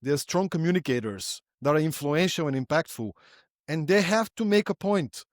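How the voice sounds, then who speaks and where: A man's voice: fairly high pitch, lively intonation, moderate pace, no echo, studio quality. A man hosting a podcast interview, friendly, building long questions with restarts. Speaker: podcast host.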